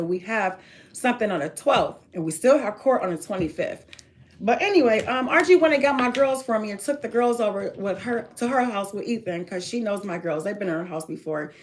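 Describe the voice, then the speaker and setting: A woman's voice: medium pitch, a little hiss or hum. A woman talking to viewers in a casual chat, telling a long personal story in emphatic run-on sentences.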